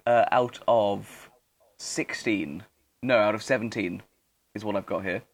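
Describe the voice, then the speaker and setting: A young man co-hosting a casual film podcast, talking in a halting, rambling way with lots of restarts. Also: lowish voice. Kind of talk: casual chat.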